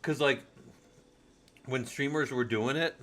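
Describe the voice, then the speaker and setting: A middle-aged man chats loosely on a livestream, drifting from thought to thought in an easygoing, rambling way. He swears freely, and his voice sits at an ordinary mid pitch. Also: slow, fairly bright tone. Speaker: streamer. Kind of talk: casual livestream chat.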